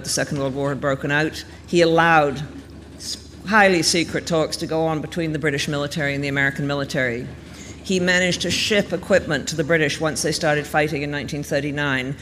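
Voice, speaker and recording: A man giving a thoughtful, conversational talk on history, explaining events in a measured, storytelling way. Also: on the high side, fairly bright tone. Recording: reverberant room with faint background noise.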